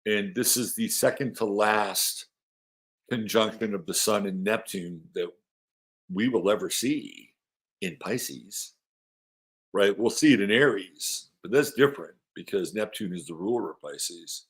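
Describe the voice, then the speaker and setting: A man with a fairly low voice hosts an astrology show in a loose, casual way. He rambles and repeats phrases as he thinks aloud. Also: unhurried. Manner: rambling, chatty, repeats himself; coos softly to his dog. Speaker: astrology podcast host.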